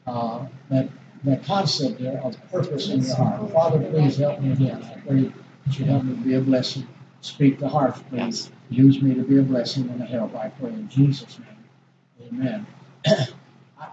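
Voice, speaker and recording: A man's voice: medium pitch, muffled recording. An older man preaching a sermon in a folksy, rambling storytelling way, often restarting his sentences. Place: church. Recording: distant echoey church recording with noise.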